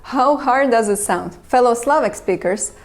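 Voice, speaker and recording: A woman, a language channel host, giving measured, scripted explanations with touches of dry humor. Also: on the high side. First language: Russian. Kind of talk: scripted educational narration.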